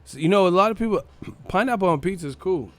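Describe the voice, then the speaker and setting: Hosting a live boxing stream, a young man from Sacramento in Northern California jokes loosely with his chat, reads it aloud, laughs frequently and uses plenty of slang. He talks fast in a high-pitched, expressive, fairly bright voice.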